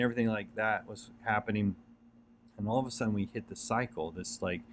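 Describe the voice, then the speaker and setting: A man's voice: lowish voice, slight background noise. A man giving an earnest, rambling motivational talk, repeating himself and using many fillers and restarts. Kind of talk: casual motivational monologue.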